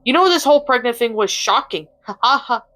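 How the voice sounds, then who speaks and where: A woman's voice: on the high side, animated, a little fast, a bit bright, pitched above the performer's own voice. A woman voicing a playful princess who teases with puns. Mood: teasing. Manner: teasing, giggly.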